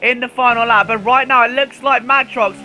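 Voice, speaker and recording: A man commentating a live sim race, excitable and rising to near shouts at overtakes, his voice going hoarse. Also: extremely high pitch, fairly quick, noisy background.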